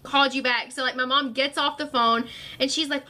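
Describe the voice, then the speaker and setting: Bright high-voiced young woman vlogger. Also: fairly quick. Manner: animated, filler-heavy retelling, acting out quotes. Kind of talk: storytime vlog.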